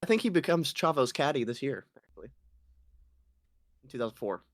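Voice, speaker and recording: A man co-hosting a casual podcast, excitable, swearing often and calling people dude and bro. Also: medium pitch, fairly quick, no room sound. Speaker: podcast co-host. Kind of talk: casual chat.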